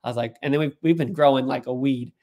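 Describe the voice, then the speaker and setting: A man as an interview guest, telling an animated story and putting on voices for the people he quotes. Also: medium pitch, quick pace. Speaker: guest, tech executive.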